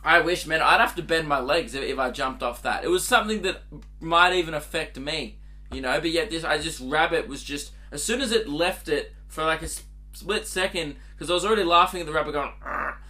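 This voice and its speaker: Giggly man with a bright voice. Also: fairly high pitch, fairly quick. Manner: rambling, giggly, crude jokes. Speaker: podcast host. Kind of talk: casual solo podcast monologue.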